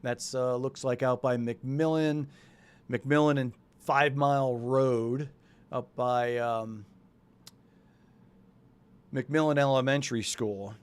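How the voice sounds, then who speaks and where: A man's voice: mid-range voice, fairly even intonation, slow pace, long pauses, clear, resonant tone. A man from New England hosting a weather show, talking loosely and chattily and thinking aloud as he walks through the forecast. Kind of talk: casual live weather talk.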